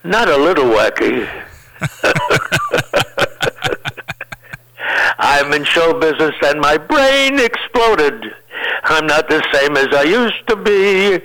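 Older man, bright rambling storyteller. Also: on the high side, slow pace, pauses often, low-quality recording. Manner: rambling, animated anecdotes with restarts. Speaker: comedian guest. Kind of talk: casual storytelling in an interview.

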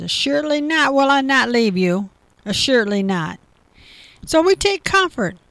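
A woman leads a devotional, reading scripture and then unpacking it in her own words. She circles back and repeats key phrases for emphasis, in a medium voice. The sound is dry and close, with no room echo. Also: mid-range voice. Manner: reads verses aloud then explains with repetition. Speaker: Bible teacher. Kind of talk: devotional Bible reading and commentary.

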